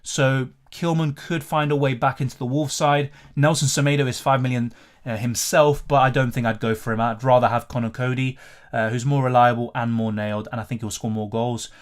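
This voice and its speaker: A man's voice: medium pitch, steady tone, fairly quick. A man hosting a live fantasy football Q&A stream, chatting casually, thinking aloud and answering viewer comments.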